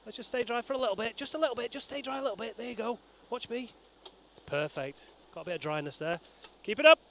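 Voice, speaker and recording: A cheeky, joking man presents a vlog outdoors beside a race course, handheld mic in hand, with faint street noise around him. His voice is very high-pitched and gravelly, and he talks fast. His roadside commentary is playful as he banters with passers-by and shouts to riders going past.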